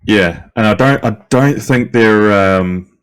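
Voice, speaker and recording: A man with a New Zealand accent talks in a relaxed, easygoing way over a home mic. His voice sits a little low, and he stops and starts with plenty of ums and quick laughs. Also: clean tone. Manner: laid-back, laughs easily, halting with ums. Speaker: podcast co-host, presenter of the episode topic. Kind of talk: casual podcast chat.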